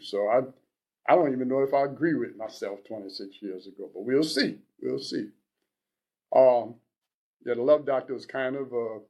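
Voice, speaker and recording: A man in his sixties hosting a radio show, talking in an unhurried, halting way with frequent restarts. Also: medium pitch, a little mellow. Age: 60s. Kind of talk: casual radio talk.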